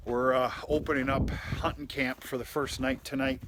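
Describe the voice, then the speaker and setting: A man's voice: medium pitch, level tone, moderate pace, background noise. Cattle farmer guy rambling to the camera outside, blunt, swears a bit, lots of uhs. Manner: rambling, blunt, mild cursing. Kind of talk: casual farm vlog. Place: outdoors on a farm.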